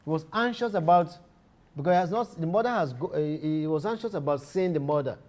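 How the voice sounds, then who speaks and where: A man lectures on literature in a slightly high voice. He repeats each key phrase and often breaks off to restart a sentence. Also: expressive, a little fast, a little mellow. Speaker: literature teacher.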